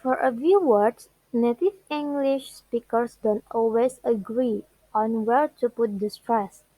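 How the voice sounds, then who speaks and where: A young woman with an Indonesian accent, slowly reading out a pronunciation lesson on word stress and repeating the example words. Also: fairly high pitch, dark tone, dry recording, low-quality recording. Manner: slow careful reading with repeated words and restarts. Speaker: student. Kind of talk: pronunciation practice recording.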